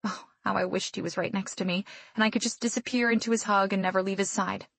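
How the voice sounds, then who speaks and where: A woman's voice: mid-range voice, fairly even intonation, fast, gravelly, no room sound. A woman narrating a romance audiobook in first person with an intimate, reflective manner.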